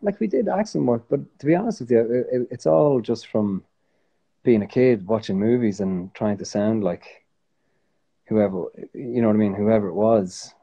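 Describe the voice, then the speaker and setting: A man's voice: on the low side, normal speed, breathy edge. An Irish man who is a guest actor, chatting casually and rambling with lots of restarts. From Ireland. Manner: rambling, self-correcting, relaxed. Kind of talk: casual chat.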